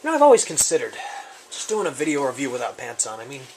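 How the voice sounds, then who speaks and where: A man's voice: medium pitch, huge pitch swings, quick pace, a little hiss or hum. A man casually reviewing his survival gear on camera, rambling and joking in an off-the-cuff way. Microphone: camera mic, speaker off-frame.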